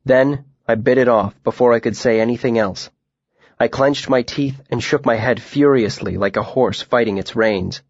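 A man narrating a story in a quiet, reflective voice at a measured pace. His voice is of middle pitch, and the sound is dry and slightly dull. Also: no room sound. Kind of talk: audiobook narration.

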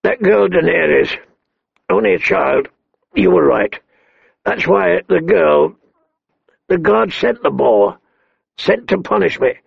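A man voicing a hoarse, hot-tempered dying king who talks gruffly and halts with pain, in a dull lo-fi dry recording. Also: high-pitched, very animated, no echo, voice pushed up, full character voice. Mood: anguished. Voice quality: hoarse, gravelly. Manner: gruff, blustering, halting with pain.

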